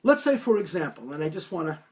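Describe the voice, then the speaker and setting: A man giving a live-stream talk as a medium, taking viewer questions and telling stories with lively acted-out quotes. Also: on the high side, quick pace. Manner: animated storytelling, acts out quoted voices.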